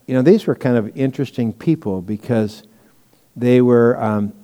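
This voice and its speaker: A man's voice: mid-range voice, warm tone, in a large hall. A man preaching a sermon as pastor, teaching in a conversational way with stories and asides.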